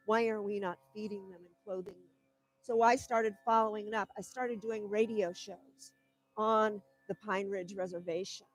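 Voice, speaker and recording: A woman's voice: medium pitch, poor audio. A woman giving a spiritual talk, telling a personal story in an earnest, heartfelt way. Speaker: guest speaker.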